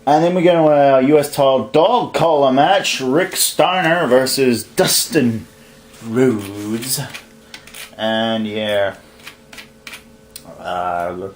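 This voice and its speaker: A man's voice: medium pitch, slow, pauses often, slight background noise. A young man giving casual solo commentary on a wrestling card, rambling and correcting himself as he goes. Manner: rambling, self-correcting, laughs at own slips. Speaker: wrestling fantasy booking host.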